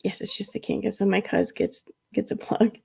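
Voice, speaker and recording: An American woman hosting a casual livestream, rambling through her thoughts with lots of fillers. Her mid-pitched voice often drops into gravelly fry. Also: huge pitch swings, normal speed, warm tone. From United States. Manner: rambling, filler-heavy, laughs easily. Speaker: livestream host.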